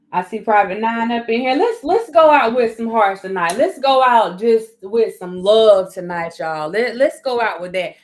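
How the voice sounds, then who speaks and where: A woman with a Southern US accent hosting a casual livestream, reading viewer comments and thanking people by name again and again. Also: lowish voice. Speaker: livestream host. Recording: roomy echo with faint music.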